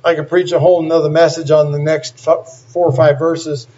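Man preacher, fairly high voice, scripture reading with emphatic asides, muffled lo-fi sound. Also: little pitch movement, moderate pace, mellow. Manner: reads scripture aloud and breaks in with plain, emphatic asides. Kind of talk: sermon. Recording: dull lo-fi recording.

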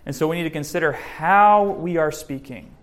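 A man giving a sermon, preaching in a lively, joking way with lots of rises and drops in voice. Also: normal speed. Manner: lively, joking preaching, varied pitch and loudness. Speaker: pastor.

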